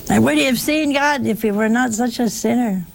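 A woman preaching a sermon in a slow style, asking the listeners rhetorical questions and breaking into animated exclamations. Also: a little high, gravelly.

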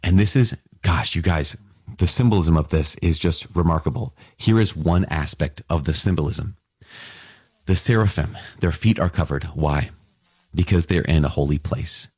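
Deep husky Catholic teacher marveling. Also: male voice, moderate pace, no room sound, studio quality. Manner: excited and marveling, with casual asides. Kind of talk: enthusiastic scripture reflection.

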